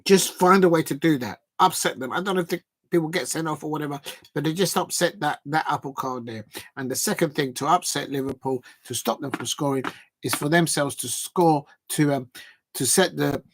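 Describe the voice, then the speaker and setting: A man's voice: fairly high pitch, a little fast, fairly bright tone. Male, 40s; casual football stream host, loose and rambling, lots of ums. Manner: rambling, chatty, thinks aloud with many fillers. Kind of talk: casual live chat reacting to viewers.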